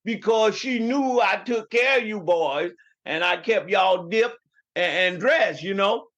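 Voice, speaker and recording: A man's voice: sits high, unhurried, a bit bright, muffled recording. A man in his fifties with a New York accent, telling family stories in a rambling, casual way as a podcast guest. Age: 50s. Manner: storytelling, rambling with many restarts. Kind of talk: casual chat.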